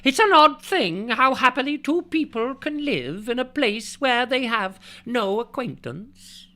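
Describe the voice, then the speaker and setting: Man doing a gloomy old Scottish geezer, shrill and put-on, grim. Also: animated, unhurried, bright, forceful tone, exaggerated voice. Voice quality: high, strained put-on voice.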